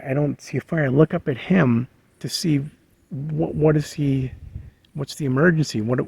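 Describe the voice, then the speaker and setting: Man, casual storytelling, halting, lots of fillers, gravelly, husky. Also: on the high side, darkish tone. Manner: halting, many fillers and restarts. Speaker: vlogger sharing a memory. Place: living in a bus.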